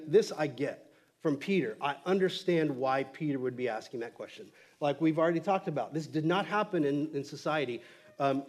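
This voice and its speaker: A man's voice: a little high, a little mellow. A male pastor preaching a sermon in a casual, conversational way, acting out quotes from the text with lots of fillers.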